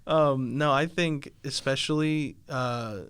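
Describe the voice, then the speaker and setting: A man's voice: mid-range voice, slow pace, a bit bright, clean tone, dry recording. A man in his twenties co-hosting a podcast, chatting casually and rambling a little as he works out his sentences. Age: 20s. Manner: rambling, laughs often. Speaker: podcast co-host. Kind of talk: casual chat.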